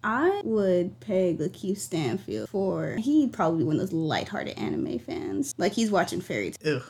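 Husky, lively woman co-host. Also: on the low side. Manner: playful, quick jokes and teasing asides. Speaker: podcast co-host. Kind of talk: casual chat.

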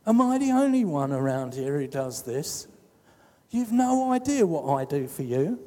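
A preacher voicing a resentful elder brother who whines about being overlooked. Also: male voice, on the high side, animated, unhurried, dark tone, breathy edge, big-room sound. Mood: whining. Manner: whiny, self-pitying complaining. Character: resentful elder brother, grown man, whining martyr.

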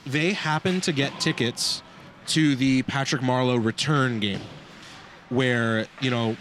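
A man hosting a casual hockey podcast, telling animated, jokey stories to his co-hosts. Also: mid-range voice, a little hiss or hum. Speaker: podcast host. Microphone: desk mic on broken stand.

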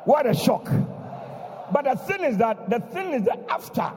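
A man preaching, telling a story dramatically and breaking into shouts. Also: very high-pitched, sing-song, moderate pace, big-room sound, some chatter behind, a little hiss or hum. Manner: dramatic, bursts into shouting, repeats a refrain. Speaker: pastor. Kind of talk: sermon storytelling. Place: church.

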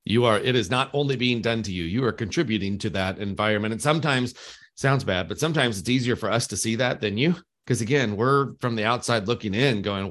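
A man's voice: lowish voice, fast talker, fairly bright tone. A man co-hosting a workplace talk, rambling a bit and acting out quoted phrases as he explains. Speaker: podcast co-host, workplace trainer. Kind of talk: casual conversational discussion.

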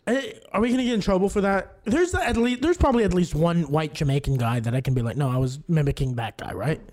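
A man's voice: sits high, animated, fast, a little mellow. A man co-hosting a comedy podcast who rambles, swears freely and riffs jokes. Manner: rambling, profane, riffing jokes. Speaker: podcast co-host. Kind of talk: casual comedic chat.

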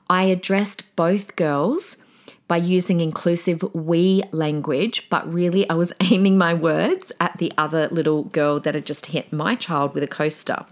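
A middle-aged woman hosting a parenting podcast, telling stories and giving advice in an animated, casual way, slipping into a soothing teacher voice when she quotes herself. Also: lowish voice.

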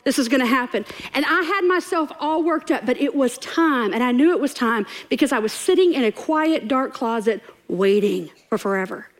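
A woman's voice: high voice, normal speed, few pauses. A woman telling a funny personal story in a sermon, laughing and acting out voices. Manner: animated, laughing storyteller who acts out quotes. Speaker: preacher. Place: church stage before a congregation.

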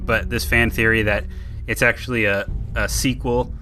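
A man hosting a casual film podcast, blunt and quick to laugh, swearing freely. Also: lowish voice, little pitch movement, pushed and bright, faint music behind. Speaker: podcast host.

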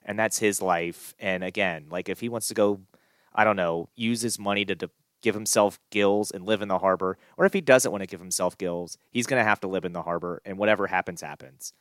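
A man vents on a casual sports podcast, his low, smooth voice sinking into gloomy, exasperated grumbling full of restarts. The sound is close and dry, with no room around it. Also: steady tone, fairly quick, fairly bright tone, dry recording. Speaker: podcast co-host.

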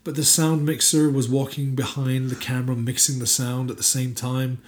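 A man's voice: mid-range voice, level tone, moderate pace. A man being interviewed as an actor, chatting casually with many fillers and restarts and bursts of emphatic enthusiasm. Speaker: actor guest.

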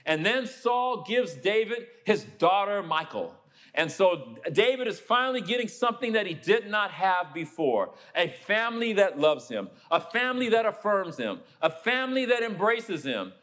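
A man preaching a sermon, telling a story and acting out the people in it, then turning quiet and low for a personal confession. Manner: storytelling, acts out the people he quotes.

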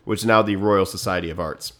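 Low-voiced man co-hosting a history podcast. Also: fairly even intonation, quick pace, a bit bright. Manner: reads facts then jokes around. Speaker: podcast co-host. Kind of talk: casual history podcast chat.

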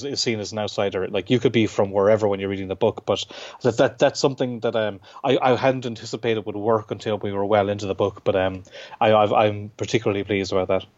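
A low-pitched Irish man chats about his writing in an interview, halting and restarting his sentences with plenty of fillers. The recording sounds dull and a little lo-fi. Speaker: comic book writer. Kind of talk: casual interview chat.

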